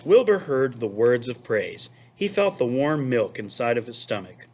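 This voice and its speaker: A man who teaches, reading a children's book aloud to his students in an expressive, unhurried way. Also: medium pitch. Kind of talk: storybook read-aloud.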